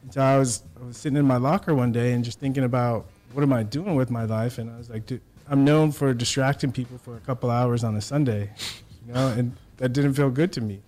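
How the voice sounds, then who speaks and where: A man speaks slowly and thoughtfully about meaning in his life, pausing and restarting as he looks for the right words. His voice sits at an ordinary middle pitch. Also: fairly even intonation, darkish tone. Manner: reflective, earnest, searching for words. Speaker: podcast guest, former athlete. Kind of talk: reflective interview talk.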